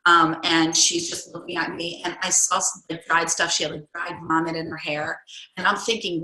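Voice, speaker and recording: Rambling woman coach, lowish bright voice, echoey room. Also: fairly even intonation, a little fast. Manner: rambling, many restarts and fillers. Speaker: coach leading a group call. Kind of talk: casual storytelling to a group.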